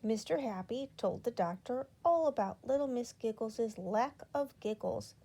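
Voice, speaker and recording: A woman reading a children's storybook aloud in an expressive, unhurried way. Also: a little high, a little hiss or hum. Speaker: children's book reader.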